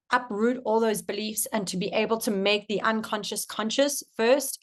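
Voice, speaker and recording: A young woman coach giving a casual masterclass to camera, chatty and swearing casually. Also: mid-range voice.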